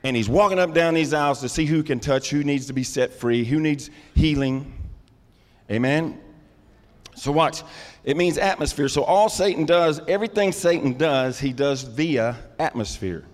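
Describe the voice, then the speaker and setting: A middle-aged man preaching a sermon, calling out to the congregation and rising into loud, emphatic bursts. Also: a little high, moderate pace, in a large hall. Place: church sanctuary.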